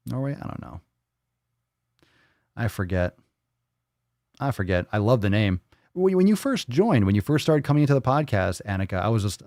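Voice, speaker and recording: Low-voiced man, livestream host, teasing and profane, dry close sound. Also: a little mellow, dry recording. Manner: joking, teasing, plays with pronunciations; swears casually. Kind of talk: casual livestream chat reading comments.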